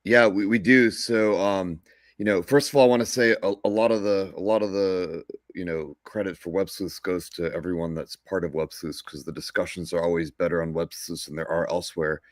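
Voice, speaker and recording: A man joining as a guest executive, chatting in a relaxed, hesitant way with repeats, speaking over a video call. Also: low voice, brisk, no echo, studio quality. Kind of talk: casual interview chat.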